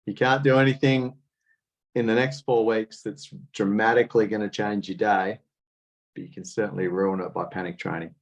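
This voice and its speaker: A man's voice: on the low side, steady tone, normal speed, gravelly. An Australian man coaching as a guest on a casual podcast over an online call, laid-back and encouraging. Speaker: triathlon coach.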